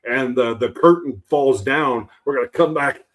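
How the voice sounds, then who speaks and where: A man's voice: medium pitch, normal speed, fairly bright tone. Earnest rambling man on a podcast. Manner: earnest, rambling, with many restarts. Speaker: podcast co-host. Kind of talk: casual podcast storytelling.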